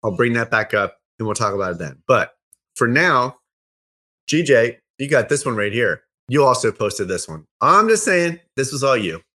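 A man hosting a casual chat, upbeat and chatty, quick to laugh. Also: mid-range voice, sing-song, bright, forceful tone. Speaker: host.

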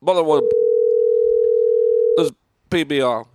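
A man's voice: on the high side, a little slow, heavy background noise. A man hosting a podcast, joking and playful in casual chat. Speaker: podcast host.

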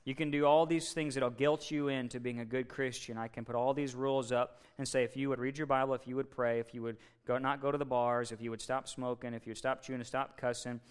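A man preaching a sermon as pastor, building from measured and quiet to loud and excited. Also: medium pitch, clear, resonant tone.

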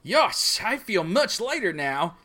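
A man's voice: high voice, big pitch swings, slow pace, bright, forceful tone, voice pushed up, heavily acted. A man voicing a cheerful, carefree young boy fighter, easygoing and playful.

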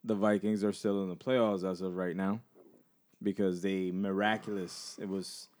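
Smooth-voiced man rambling on a podcast. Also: low voice, flat delivery, moderate pace, darkish tone. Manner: rambling, full of "like" and "you know", casual swearing. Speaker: podcast co-host. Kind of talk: casual chat.

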